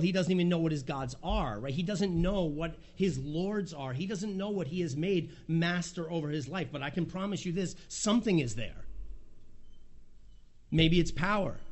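A man's voice: a little high, moderate pace. A middle-aged man preaching a sermon in an earnest way, reading quotes aloud and repeating words when he presses a point. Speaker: pastor.

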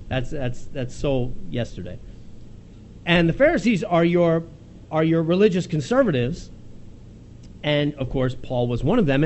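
A man preaching a conversational expository sermon, retelling a scripture story with quick laughs and frequent restarts. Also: medium pitch, a little mellow, a little hiss or hum.

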